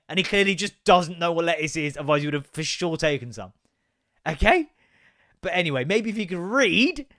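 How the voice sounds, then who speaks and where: A man's voice: on the high side, fairly bright tone. Swearing man ranting. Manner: exasperated, sweary storytelling with acted-out quotes. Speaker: podcast host. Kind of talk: casual ranting monologue.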